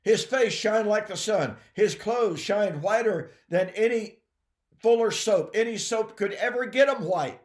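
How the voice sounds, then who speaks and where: A man giving emphatic Bible teaching, calling his listeners "folks" and often clearing his throat. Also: sits high, unhurried, roomy sound. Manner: emphatic, addresses listeners as folks and ladies and gentlemen.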